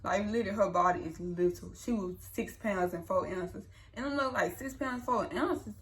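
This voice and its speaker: A woman's voice: medium pitch, normal speed, slight background noise. A young woman, telling her birth story to viewers in a casual, chatty way. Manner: chatty, addresses viewers as y'all, lively retelling. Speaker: new mother vlogger.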